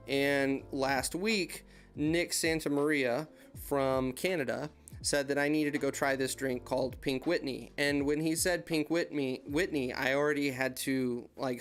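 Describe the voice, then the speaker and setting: A man's voice: mid-range voice, fairly bright tone. A man from the United States hosting a casual live-stream Q&A from his desk, chatting in rambling anecdotes and greeting viewers by name. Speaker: YouTube channel host, heavy equipment operator.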